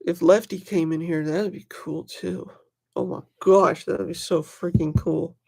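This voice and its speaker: A knife collector's mid-range, creaky voice moves at a measured pace during a casual livestream. Excitable and prone to rambling, the speaker chats with viewers by name.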